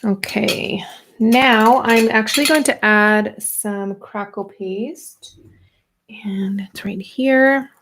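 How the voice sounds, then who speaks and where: A woman's voice: mid-range voice, extremely slow, a bit bright, a little hiss or hum. A woman in her thirties hosting a casual art journaling livestream, chatty and playful, greeting viewers as she works. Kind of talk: casual livestream craft demo.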